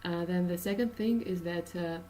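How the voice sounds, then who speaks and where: A woman's voice: fairly low pitch, normal speed, dark tone, far from the mic, a little hiss or hum, rough recording. A woman from Russia with a Russian accent, teaching an English pronunciation lesson with many uh and um fillers and patient explanations.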